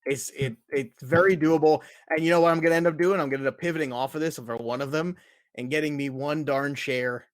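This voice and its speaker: Man, podcast host, casual sports talk, upbeat, fairly high, dry mic. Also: fairly even intonation, brisk, no room sound. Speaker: fantasy football podcast host.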